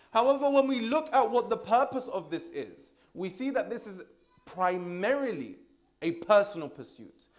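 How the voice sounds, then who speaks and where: A man giving a sermon, asking rhetorical questions, checking in with "correct?", and weaving Arabic religious terms into English. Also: sits high. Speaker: speaker at a religious gathering.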